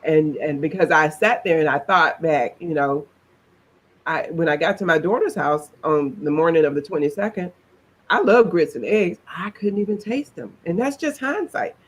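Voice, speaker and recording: A woman's voice: sits low, moderate pace, breathy edge, rough recording. A middle-aged woman, telling her own story in a chatty interview and laughing as she goes. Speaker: interview guest.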